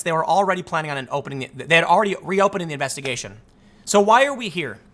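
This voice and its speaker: Male commentator, tired and fed up, rambling with restarts, bright edge to the voice. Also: on the high side. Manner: exasperated, rambling, frequent restarts. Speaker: political commentator. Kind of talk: casual political commentary.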